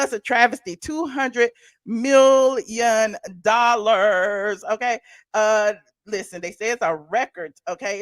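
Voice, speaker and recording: A woman hosting a casual live-stream commentary, animated and excitable, chatting with her viewers in asides. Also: medium pitch, no room sound, clean studio sound. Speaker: commentary channel host.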